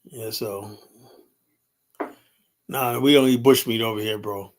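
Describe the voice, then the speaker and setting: A man's voice: fairly low pitch, steady tone, takes it slowly, slight background noise. A man hosting a livestream and talking casually in a rambling, profane way, with many fillers. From United States. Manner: profane, rambling, full of "you know" and "man". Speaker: livestream host.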